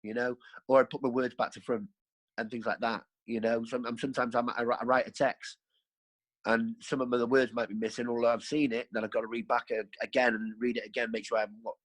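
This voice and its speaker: A man's voice: medium pitch, rough recording. Guy on a podcast rambling through his story, earthy slang, keeps correcting himself. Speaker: podcast guest. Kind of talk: candid storytelling.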